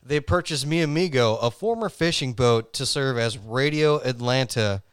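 A man's voice: medium pitch, expressive, moderate pace, clean tone, no room sound, studio quality. A man co-hosting a casual podcast, telling a history story in a jokey way and laughing often. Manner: jokey, laughs often, reads facts loosely.

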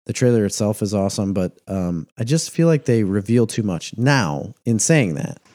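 Low, mellow-voiced American man chatting. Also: big pitch swings, moderate pace, no echo. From United States. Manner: rambling, teasing, laughs a lot. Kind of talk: casual chat.

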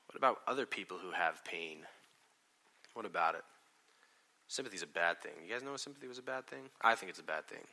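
A man delivers a sermon with a bright, forceful voice. He swings from loud, pressing declarations down to hushed asides. He slips into short acted-out quotes along the way. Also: fairly low pitch, expressive, brisk, gravelly. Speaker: pastor. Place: church hall with congregation.

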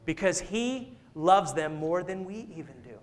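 Playful high-voiced man preaching a sermon. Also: expressive, a little slow. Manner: playful, jokes and laughs with the congregation. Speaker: senior associate pastor. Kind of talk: sermon with storytelling. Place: church sanctuary.

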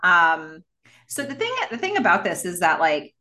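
A woman co-hosting a casual podcast, thinking out loud about a scene with frequent pauses and restarts. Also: fairly low pitch, big pitch swings. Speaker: podcast co-host. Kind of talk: casual rewatch podcast chat.

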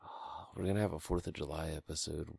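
A man's voice: extremely low pitch, steady tone, fast talker, creaky, darkish tone, husky, no room sound, studio quality. A young man co-hosting a podcast, swearing and laughing through crude, teasing banter. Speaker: podcast co-host.

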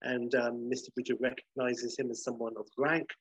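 A man's voice: medium pitch, level tone, a little fast, slightly rough, no echo, low-quality recording. A man casually retelling a film plot, chatty with many fillers, acting out the dialogue.

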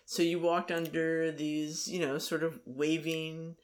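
A woman's voice: low voice, little pitch movement, unhurried. A middle-aged woman in casual conversation, rambling with many fillers and restarts.

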